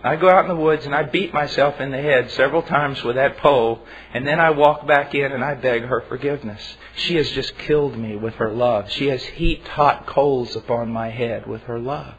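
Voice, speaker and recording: Husky earnest male preacher. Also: medium pitch. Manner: earnest, emphatic, halting restarts. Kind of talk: sermon. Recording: dull lo-fi recording.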